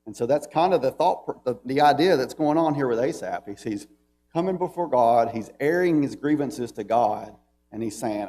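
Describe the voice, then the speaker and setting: A man's voice: medium pitch, expressive, normal speed, mellow. A man with a Southern American accent teaching a Bible class in a church, talking in a conversational way and reading scripture aloud with emphasis.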